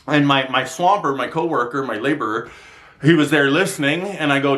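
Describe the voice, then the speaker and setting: A man vents straight into a handheld camera, his mid-range voice swinging from tired sighs to loud disbelief. He swears freely and tells his stories with animated frustration. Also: medium pitch, a little fast. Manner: exasperated, sweary, animated storytelling. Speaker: vlogger. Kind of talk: ranting vlog monologue. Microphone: handheld camera mic.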